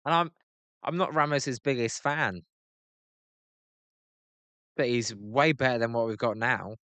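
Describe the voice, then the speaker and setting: British male streamer, casual play-by-play, smooth clear voice, dry close sound, gripes and chats with viewers. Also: mid-range voice, measured pace, pushed and bright, no echo, dull audio. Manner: chatty, answers chat by name, grumbling. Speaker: live-stream host. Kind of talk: casual live play-by-play reaction.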